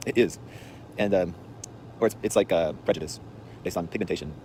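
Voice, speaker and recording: A man's voice: low-pitched, brisk, mellow, a little hiss or hum. A man telling rambling stories in a casual, offhand way, full of slang and restarts, outdoors on a city street. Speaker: vlogger.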